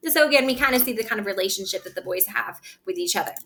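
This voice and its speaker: Bright-voiced woman explaining a play. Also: medium pitch, animated, very fast. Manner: casual explaining with many fillers, reads the lines with more lift. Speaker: teacher. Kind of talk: reading a play aloud and explaining it.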